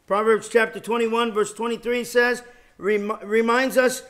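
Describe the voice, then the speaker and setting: High-pitched male preacher, measured delivery. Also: little pitch movement, fairly bright tone. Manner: measured, repeats key phrases for emphasis. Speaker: Bible lecturer. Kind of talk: sermon.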